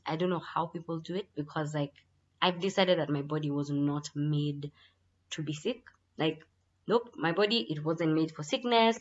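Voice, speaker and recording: A woman chatting through a casual monthly update vlog, her voice a bit congested from a lingering cold, repeating words for emphasis. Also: deep voice. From Kenya. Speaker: vlogger. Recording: slightly dull lo-fi audio.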